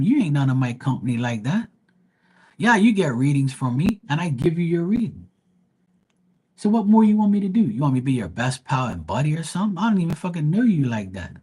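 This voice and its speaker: A man's voice: a little high, big pitch swings, fast talker, darkish tone, slightly rough. A man reading tarot live, telling a story in a blunt, heated rant and cursing freely. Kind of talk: ranting livestream monologue.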